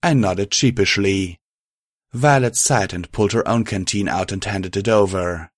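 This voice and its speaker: A man reading a first-person fan fiction story aloud, steady and even. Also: lowish voice, unhurried, no room sound, clean studio sound. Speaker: narrator.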